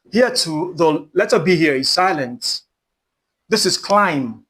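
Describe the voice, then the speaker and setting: A man teaching English pronunciation, slowly repeating each word and example sentence so learners can copy him. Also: fairly high pitch, expressive, fairly bright tone, husky. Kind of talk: pronunciation lesson.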